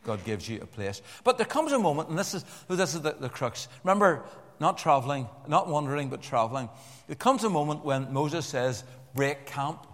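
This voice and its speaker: An older man preaching a sermon to a congregation in an animated way, repeating words and joking with the listeners. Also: fairly high pitch, fairly quick. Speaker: pastor. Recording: long church-hall reverb.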